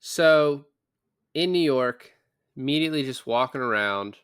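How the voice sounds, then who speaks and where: A man talks through a movie scene by scene on a podcast, rambling and cracking jokes. His voice sits at an ordinary pitch and the sound is dry and close. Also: unhurried, fairly bright tone, clear, resonant tone, no echo. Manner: rambling, jokey, acts out characters' lines. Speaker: podcast co-host. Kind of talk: casual movie review chat.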